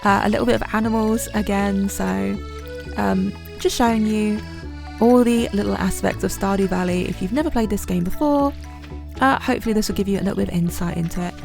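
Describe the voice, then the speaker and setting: A woman's voice: mid-range voice, fairly quick, gravelly. A woman giving chatty, self-deprecating commentary over her gameplay, with plenty of ums. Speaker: gaming channel host. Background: soft game music.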